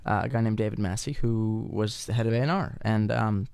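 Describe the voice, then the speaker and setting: A man's voice: lowish voice, vocal fry, smooth, dry recording. A man around twenty, a guest singer and actor, chatting casually in an interview with frequent restarts and fillers. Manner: relaxed, halting with restarts and fillers.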